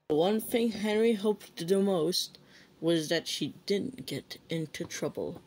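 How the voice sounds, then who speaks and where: A woman narrating a children's engine story in an unhurried, plain storytelling voice. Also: fairly low pitch, slight background noise. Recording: loud background music.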